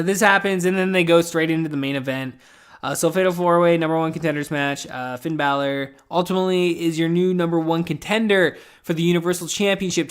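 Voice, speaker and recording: A young man with a slightly higher-than-usual voice hosts a casual podcast recap. He rambles through the week, swearing freely and mocking himself as he goes. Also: a bit bright. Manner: rambling, profane, self-mocking. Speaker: podcast host.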